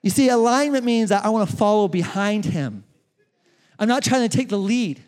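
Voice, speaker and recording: High-voiced male pastor in a big reverberant church. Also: normal speed. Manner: animated, talks straight to the congregation. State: out of breath. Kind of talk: sermon with a live running demonstration. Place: church sanctuary. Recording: long reverb of a large church hall.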